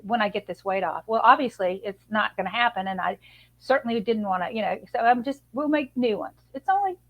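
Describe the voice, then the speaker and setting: A woman's voice: a little high, fairly quick, muffled recording. Chatty woman telling a funny story. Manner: chatty, animated storyteller with a laugh. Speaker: guest author and image consultant. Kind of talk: casual storytelling over video call. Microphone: video call.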